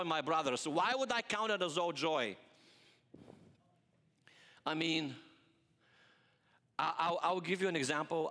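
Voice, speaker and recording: A male pastor preaching a sermon, animated and full of rhetorical questions aimed at the congregation. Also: a little high, in a large hall.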